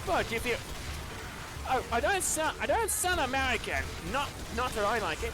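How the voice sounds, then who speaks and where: Australian man, casual gamer chat, stammering delivery over loud game music. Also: very high-pitched, big pitch swings, normal speed. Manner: stammering, repeats words, laughs often. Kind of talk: casual chat while gaming.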